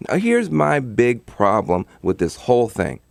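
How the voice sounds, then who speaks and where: A passionate man speaks as a studio guest in a dry, close room. His gravelly voice swings widely in pitch, and he drives his points with emphatic repetition. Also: wildly swooping pitch, measured pace, no echo. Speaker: political commentator guest. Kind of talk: studio talk-show interview. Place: radio studio.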